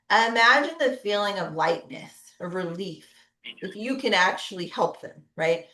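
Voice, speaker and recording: A woman's voice: medium pitch, a little slow, sharp tone, roomy sound. A middle-aged woman, a pediatric physical therapist, giving a conversational webinar talk with frequent tag questions. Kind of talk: webinar presentation.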